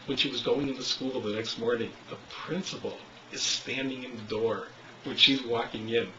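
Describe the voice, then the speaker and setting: A man leading a smoking cessation clinic, telling a story in an animated way and acting out the quotes. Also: medium pitch, moderate pace. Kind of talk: storytelling lecture. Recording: roomy, distant, slightly dull recording.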